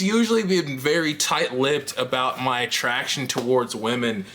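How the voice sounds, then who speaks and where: A woman's voice: rumbling low, normal speed, hardly any pauses, a bit bright. A trans woman vlogging to camera in a candid, rambling chat, laughing often and swearing casually.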